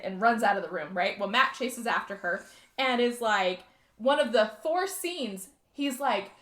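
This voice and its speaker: Animated woman recapping a movie. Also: a little high, unhurried, roomy sound. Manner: animated retelling, often acting out lines. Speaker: podcast co-host. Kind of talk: casual movie recap chat.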